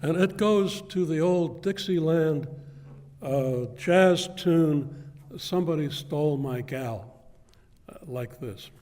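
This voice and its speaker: A man at a poetry reading, talking haltingly and playfully, then singing his verses. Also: on the high side, a little mellow. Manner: slow, halting, playful, breaks into song. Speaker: poet reading at an event. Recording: reverberant lecture hall.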